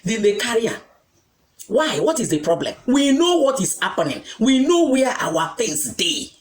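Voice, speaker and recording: A woman's voice: fairly high pitch, big pitch swings, measured pace. A woman with a Nigerian accent giving an emphatic opinion to her followers, repeating her points and firing rhetorical questions. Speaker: vlogger reacting to news. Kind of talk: opinionated commentary in Pidgin and Igbo.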